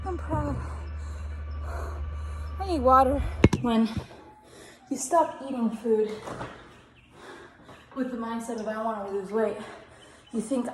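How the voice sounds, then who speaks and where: A young woman outdoors on a hill, giving herself a blunt, energetic pep talk while out of breath from running. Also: medium pitch, a little slow, long pauses, a little hiss or hum. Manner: energetic, blunt and self-motivating. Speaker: vlogger. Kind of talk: self pep talk to camera. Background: background music.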